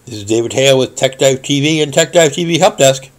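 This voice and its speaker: A man's voice: mid-range voice, quick pace. A middle-aged man hosting a tech help show, telling a wry, indignant story and earnestly warning viewers. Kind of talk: ranting vlog monologue.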